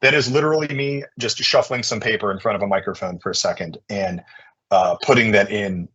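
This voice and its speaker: Male presenter, husky and a bit low, dull lo-fi sound, lively filler-heavy talk. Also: a little fast. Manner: energetic, chatty, many fillers. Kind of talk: conference presentation.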